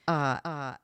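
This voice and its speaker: A woman hosting a casual livestream chat, chatty and laughing, restarting her sentences, on a close microphone with the stream audio doubling into an echo. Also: low voice. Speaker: livestream host. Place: home studio in Georgia.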